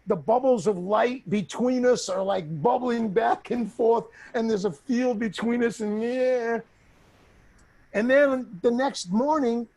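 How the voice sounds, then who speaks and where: Blunt, lively male storyteller. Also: extremely high pitch. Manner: lively, blunt, swears freely, acts out quoted people. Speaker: interview guest. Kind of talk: animated personal storytelling in an interview.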